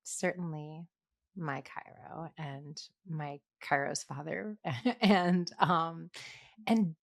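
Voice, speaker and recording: A woman co-hosting a podcast, asking questions and answering thoughtfully in a soft, affirming way. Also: low-pitched, very slow, vocal fry, no room sound, studio quality. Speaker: podcast co-host. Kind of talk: casual interview chat.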